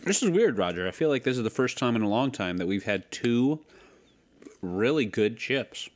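A man's voice: medium pitch, very animated, normal speed. A man co-hosting a casual chat, loose and rambling, with crude asides. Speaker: podcast co-host.

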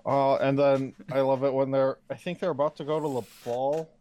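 A man's voice: mid-range voice, steady tone, moderate pace, warm tone. A young man chatting casually about a movie, making blunt, profane, mocking remarks.

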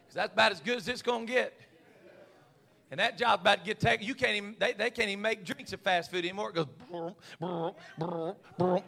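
A man preaching a sermon, folksy and stammering, swinging from quiet asides to fiery shouts. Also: sits high, fast talker, vocal fry.

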